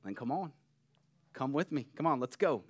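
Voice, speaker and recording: A preacher doing an easygoing, casual Jesus. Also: male voice, medium pitch, very animated, close to an everyday voice. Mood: gentle. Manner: casual, unhurried, friendly. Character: calm, easygoing adult male Jesus.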